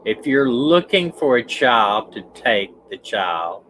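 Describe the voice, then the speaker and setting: A man's voice: mid-range voice, sing-song, takes it slowly, a bit bright, a little hiss or hum, low-quality recording. A man with a Southern US accent, a retired detective hosting a livestream, talking through a case casually and restarting his sentences. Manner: rambling, restarts sentences, stumbles over words.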